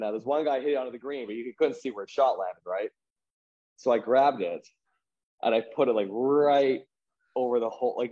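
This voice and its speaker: A man's voice: mid-range voice, dark tone, highs cut off. Rambling man telling a golf story. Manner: rambling, full of "like" and restarts, laughing at himself. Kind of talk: casual storytelling chat.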